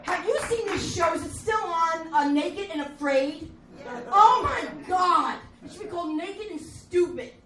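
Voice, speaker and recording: A woman doing a loud, profane stand-up comedy set in a small club, bantering with the audience. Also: very high-pitched, expressive, unhurried. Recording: echoey live club from a distant mic with crowd.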